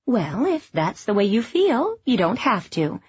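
A woman reading aloud, voicing a doting middle-aged mother with a high, fussing manner. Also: very animated, measured pace, darkish tone, slightly rough, no room sound, dull audio, heavily acted.

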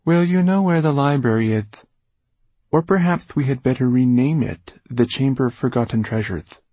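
A man's voice: medium pitch, normal speed, warm tone, no echo, voice pushed up, lightly acted. A man voicing a haughty, bored male court illuminator who speaks with a slight lisp and a disdainful drawl.

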